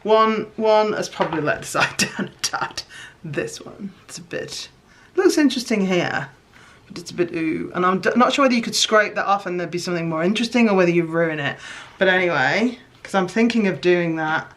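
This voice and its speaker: A woman chatting casually as she shows her homemade crafts, excitable and self-mocking. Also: fairly low pitch, fairly quick. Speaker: crafting vlogger. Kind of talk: casual craft chat to camera.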